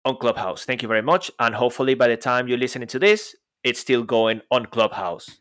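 A man's voice: medium pitch, a little fast, fairly bright tone. A man co-hosting a casual podcast about public speaking, talking with emphatic enthusiasm and asking rhetorical questions. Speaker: podcast co-host.

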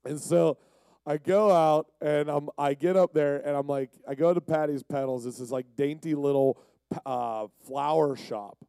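A man's voice: a little high, moderate pace, mellow, smooth, dry recording. Youth speaker, man from Pennsylvania, casual storytelling sermon, jokey, dry close sound. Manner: jokey, rambling.

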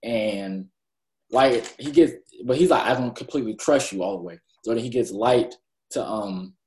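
He co-hosts a casual podcast chat about an anime, rambling as he recounts scenes and performs what the characters say. The voice is mid-range, a little mellow, at a moderate pace, in an echoey room.

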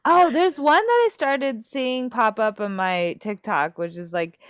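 A woman's voice: on the high side, a little slow, clean tone, no room sound, clean studio sound. A young woman in casual chat, talking loosely with lots of fillers and laughter.

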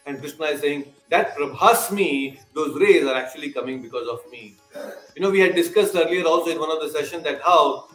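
Male spiritual teacher with a slightly high voice, lecturing on scripture and quizzing listeners. Echoey room, faint sitar music behind. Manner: explanatory, quizzes listeners, repeats key terms.

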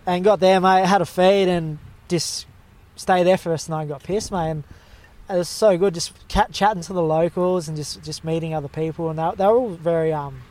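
A man's voice: a little high, fairly even intonation, brisk, darkish tone. Rambling young Australian man, slangy. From Western Australia. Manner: rambling anecdote, laddish slang, fillers. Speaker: storyteller. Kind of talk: casual chat.

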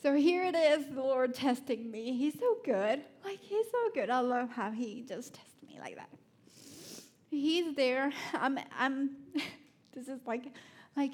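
A woman preaches at an unhurried pace in a slightly husky voice. She tells personal stories with animated, self-mocking energy and drops to soft, prayerful asides. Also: a little high. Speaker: speaker at a church.

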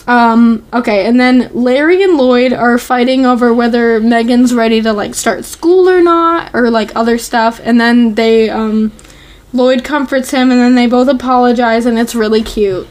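A woman's voice: fairly high pitch, moderate pace, a little mellow. A woman chatting casually as a podcast co-host, speaking with lots of "like" and "um" and an easy giggle. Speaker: podcast co-host recapping a TV episode. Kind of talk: casual chat.

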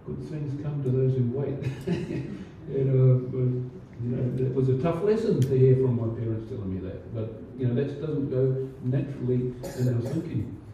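Mellow-voiced pastor in an echoey hall. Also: male voice, medium pitch, moderate pace, few pauses, slight background noise. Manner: conversational, many fillers and restarts. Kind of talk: sermon. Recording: distant, roomy, dull church recording.

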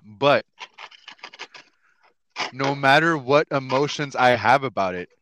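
A man's voice: medium pitch, slow pace, fairly bright tone, dry recording, low-quality recording. A man in his thirties hosting a podcast, chatting casually in a rambling, profane way with lots of fillers. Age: 30s. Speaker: podcast host.

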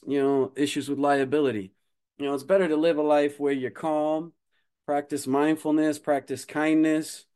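A man's voice: fairly high pitch, darkish tone, smooth. A man hosting a self-defense podcast, talking casually in a rambling way with lots of fillers and jokes. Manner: rambling, many fillers, joking. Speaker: podcast host, martial arts instructor.

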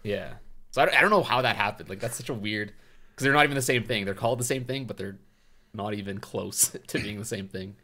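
A man from Canada, co-hosting a podcast in casual chat, quick to joke and full of restarts. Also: lowish voice, bright, forceful tone. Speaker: podcast co-host.

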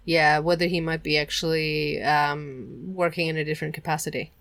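A woman thinks aloud in a casual book chat, often pausing and restarting. Her voice sits a little low. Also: fairly even intonation, vocal fry, a bit bright. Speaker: co-host. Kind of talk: casual discussion.

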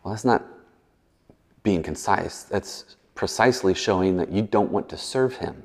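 A pastor delivers a sermon in a low, somewhat slow voice, chatty and wordy, full of asides and jokes. The recording has long reverb from a large hall.

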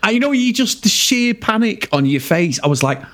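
A man telling an excitable story on a casual podcast, swearing heavily. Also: high-pitched, fairly quick. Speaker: podcast co-host. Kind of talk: casual chat.

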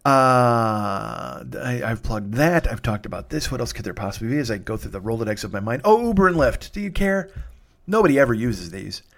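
A man's voice: mid-range voice, expressive, brisk. A man hosting a solo comedy podcast, tired and sniffly, rambling and swearing with self-mocking humor.

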